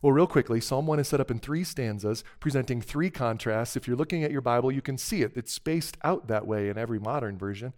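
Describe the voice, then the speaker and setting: A man's voice: mid-range voice, darkish tone. A middle-aged man preaching a sermon as pastor, talking in a conversational, earnest way and breaking into emphatic bursts.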